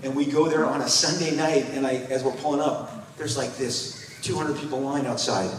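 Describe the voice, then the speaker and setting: On a panel in a big convention hall, a comic creator in his fifties spins animated, wandering anecdotes, stumbling into restarts and performing the quotes. His voice is medium-pitched at a moderate pace, recorded from far off in the audience with echo and slight background noise.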